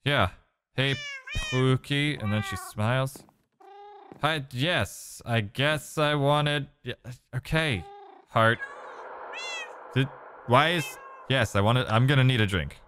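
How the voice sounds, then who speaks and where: A man's voice: medium pitch, slow, long pauses, a little hiss or hum. A man giving casual gameplay commentary, talking to himself and exclaiming as he plays. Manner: animated, exclaiming, talks to himself. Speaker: let's play gamer.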